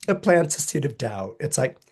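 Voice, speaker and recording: Animated man explaining astrology. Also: moderate pace, creaky, husky. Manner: animated, acts out quoted voices with big pitch jumps; chuckles often while explaining. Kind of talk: podcast talk explaining astrology.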